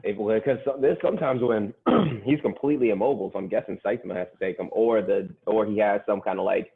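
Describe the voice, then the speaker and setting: A man's voice: on the low side, fast, creaky. A man co-hosting a casual podcast chat, retelling scenes in a rambling, slangy way. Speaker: podcast co-host. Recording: tinny phone-like sound.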